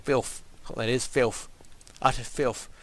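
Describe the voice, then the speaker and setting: A man's voice: mid-range voice, steady tone, slow pace, slight background noise. A young man giving casual, rambling let's-play commentary and playfully talking to the animals and objects in his game. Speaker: gaming channel host.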